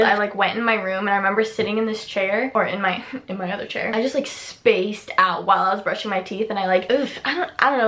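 A seventeen-year-old girl telling a storytime in a casual vlog, chatty and full of fillers and quick asides, in a small bedroom. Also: medium pitch, a bit bright. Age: teens. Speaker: vlogger. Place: small echoey bedroom indoors.

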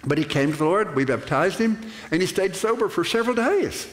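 Older guy preaching, high voice, kinda rambly and lively, echoey church hall. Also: brisk. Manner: animated, rambling preaching with restarts and acted asides. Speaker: pastor. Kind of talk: sermon. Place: church sanctuary.

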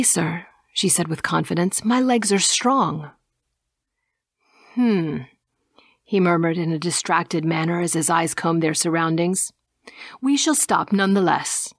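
A woman narrating an audiobook in a slow, measured reading style. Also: on the low side, creaky, no room sound, studio quality. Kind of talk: scripted narration.

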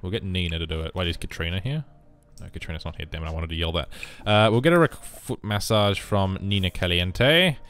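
A man casually commenting on his life-simulation game, rambling and breaking into sudden excited outbursts. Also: deep voice, a little fast. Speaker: let's play host.

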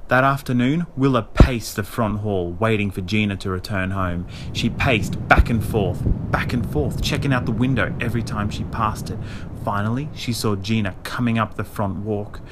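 A man reading a spooky children's story aloud as narrator, expressive with dramatic pauses. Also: lowish voice, slight background noise. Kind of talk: audiobook reading.

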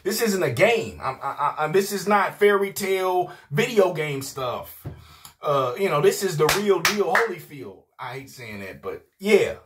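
A man's voice: on the high side, sing-song, a little slow, fairly bright tone, soft background music. A man preaching an informal video sermon. He talks in a rowdy, emphatic way, often repeating "man" and "I promise you".

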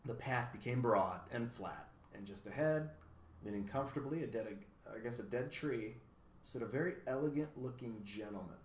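A man reading a children's story aloud as narrator, in an expressive, even storytelling manner, in a roomy recording. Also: medium pitch, moderate pace, slight background noise. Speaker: audiobook reader.

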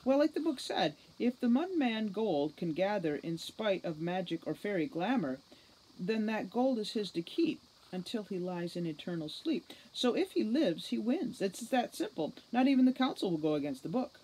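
A woman's voice: medium pitch, sing-song, normal speed, dark tone, husky, voice pushed up, low-quality recording. A woman voicing a smug, wisecracking male centaur technician with a flippant, sarcastic manner.

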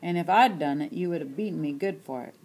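A woman's voice: sits low, quick pace, a little mellow. A bitter, hurt grown son, read by a woman.

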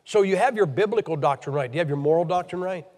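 American man, preacher, high voice, blunt and emphatic, long echoing hall. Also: quick pace, a little mellow. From Ohio, USA. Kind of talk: sermon. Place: church meeting.

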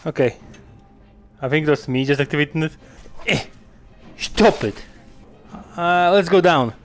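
A man giving casual gameplay commentary, excitable, swearing and laughing often with sudden loud outbursts. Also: on the high side, measured pace, soft background music. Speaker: gamer.

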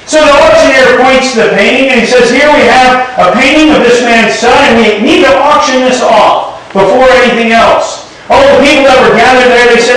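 A man preaching a sermon as pastor, telling a story with emphatic rises and loud peaks. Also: very high voice, fairly quick, hardly any pauses, a little hiss or hum. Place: church sanctuary. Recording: echoey church from far off.

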